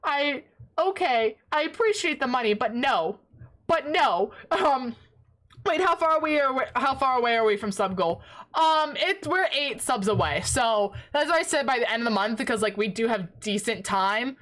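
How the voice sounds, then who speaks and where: A woman streamer chatting casually while drawing, excitable and prone to yelling in playful protest, her voice sore and raspy from long yelling. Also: a little high, moderate pace.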